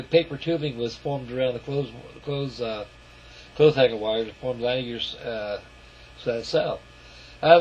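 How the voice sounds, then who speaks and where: A man's voice: mid-range voice, husky. Folksy rambling man, lo-fi camera audio. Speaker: scale model builder. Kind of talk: casual model-building video narration.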